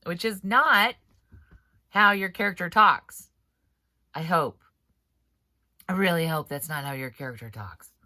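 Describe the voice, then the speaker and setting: Low-voiced lady rambling about writing, laughs a lot, stuffy nose, dry close sound. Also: sharp tone, no room sound. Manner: rambling and chatty, laughs often. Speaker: author and writing coach host. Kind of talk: casual advice vlog.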